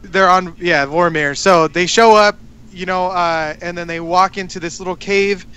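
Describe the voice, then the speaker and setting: A man with a high, bright and crisp voice talks in a loose, casual way. He recaps a story in long rambling runs, full of swearing and fillers. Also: steady tone, normal speed. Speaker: podcast co-host. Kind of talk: casual chat.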